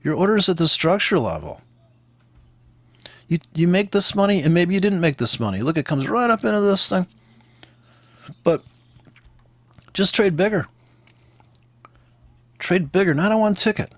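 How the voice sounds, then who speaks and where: A man's voice: high voice, animated, normal speed, pauses often, fairly bright tone, dry recording. A man giving blunt, profane, exasperated trading commentary while walking through charts. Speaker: forex trader teaching.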